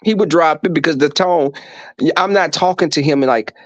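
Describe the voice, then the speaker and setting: A man hosting a livestream, telling stories to his viewers in an animated, profane way and acting out the voices in them. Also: a little high, normal speed, no room sound, muffled recording. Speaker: livestream host reading chat. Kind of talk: casual storytelling to viewers.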